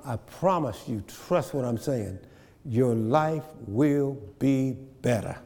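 A man's voice: medium pitch, lively intonation, takes it slowly, a little mellow, big-room sound. A man preaching a sermon, repeating phrases and checking in with his congregation. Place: church.

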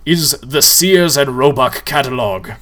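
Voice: medium pitch, animated, unhurried, fairly bright tone. A reader voicing a tall, gleeful male ghoul who speaks in a grand, mock-courteous manner.

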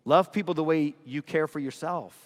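A male pastor delivers an energetic sermon, his somewhat high voice climbing for emphasis. The sound rings with the long reverb of a big church hall, and he drives home each point with conviction. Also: moderate pace. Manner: preaching with rising emphasis and mock voices.

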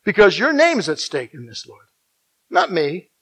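High, bright-voiced male preacher. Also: wildly swooping pitch, normal speed, slightly rough, rough recording. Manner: dynamic preaching, swinging from loud emphasis to hushed near-whispers; emphatic repetition. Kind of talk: sermon.

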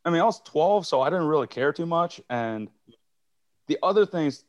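A man raised in China and a native Mandarin speaker, talking as a guest in a casual podcast chat in a measured, explanatory way. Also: fairly high pitch, animated, lo-fi sound.

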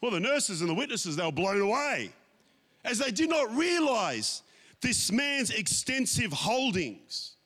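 A man's voice: sits high, sing-song, bright, forceful tone. A man preaching a sermon, stretching out key phrases and calling on the congregation. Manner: emphatic, drawn-out phrases, calls to the congregation. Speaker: pastor. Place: church sanctuary.

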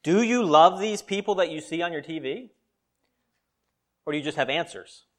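Speaking at a normal pace with lively intonation, this pastor has a fairly high voice. His sermon alternates between forceful, emphatic lines and softer asides.

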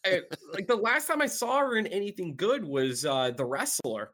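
A man's voice: high-pitched, big pitch swings, moderate pace, fairly bright tone. A man co-hosting a podcast in casual chat, joking crudely and swearing freely. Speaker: podcast co-host.

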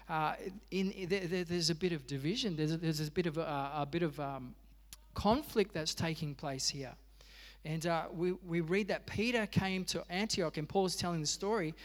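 A man's voice: on the high side, a bit bright, long reverb tail. An Australian man preaching a sermon as pastor, telling stories with humor and animation. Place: church.

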